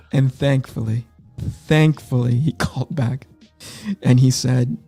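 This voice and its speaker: A man in his fifties spins loose, self-deprecating anecdotes, doubling back and restarting as he talks. His voice is dark and mellow and sits at a middle pitch. Quiet music plays faintly behind him. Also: creaky, slightly rough. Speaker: comic artist hosting a launch stream. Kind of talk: casual storytelling.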